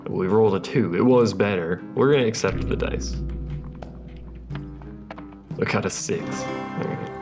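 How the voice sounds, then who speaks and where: A let's play host speaks in a lowish voice at a measured pace, leaving long pauses over background music. He makes dry, casual remarks about his gameplay and reads out the game's text in between.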